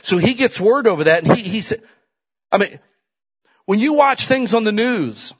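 Male preacher, husky breathy voice, a bit high, conversational sermon, big swings between loud and quiet. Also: expressive, normal speed. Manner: frequent "man" and "right?" asides to the congregation.

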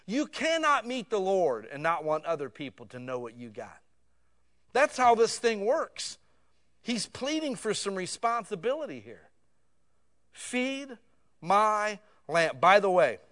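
A man preaching a sermon in a conversational, casual way that swells to loud emotional peaks. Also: fairly high pitch.

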